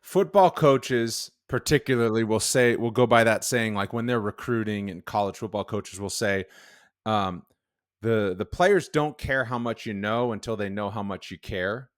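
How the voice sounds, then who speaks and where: A man's voice: fairly low pitch, normal speed, no room sound, studio quality. A man hosting an interview podcast, asking long, wandering questions. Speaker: podcast host.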